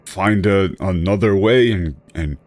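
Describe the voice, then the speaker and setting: A man's voice: low-pitched, unhurried, a little mellow, no echo. A male streamer giving rambling, self-correcting casual commentary with an exasperated edge.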